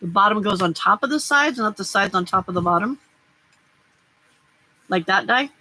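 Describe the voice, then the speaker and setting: Woman, middle-aged, live-stream host, casual rambling chat, crisp bright tone. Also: medium pitch, expressive, moderate pace, low-quality recording. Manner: chatty, rambling, answers chat comments, laughs often. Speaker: livestream host.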